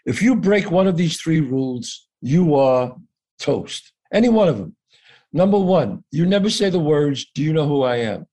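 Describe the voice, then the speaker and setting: A man tells a story from his own life in loose, lively conversation, his voice sitting a little high. He acts out the people he quotes and swears without a second thought. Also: normal speed. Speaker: guest actor. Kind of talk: casual storytelling.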